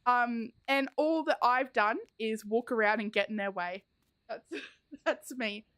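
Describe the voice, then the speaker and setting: A woman's voice: on the high side, a little slow, a bit bright. A woman streamer chatting casually while playing a game, rambling and giggling. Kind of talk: casual chat while gaming.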